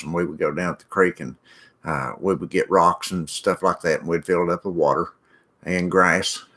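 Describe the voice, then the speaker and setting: Middle-aged guy hosting a live chat, kinda low voice, folksy and rambly, says hi to folks by name. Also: fairly bright tone. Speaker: livestream host reading viewer chat. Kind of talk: casual chat.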